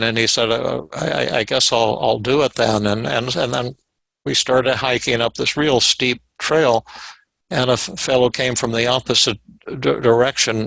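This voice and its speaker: Give me an older male psychiatrist teaching in a dry close recording, halting and repetitive. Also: mid-range voice, vocal fry, bright, forceful tone, dry recording, poor audio. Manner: halting, repeats words, acts out quoted dialogue. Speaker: psychiatrist giving a webinar. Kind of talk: teaching with a case story.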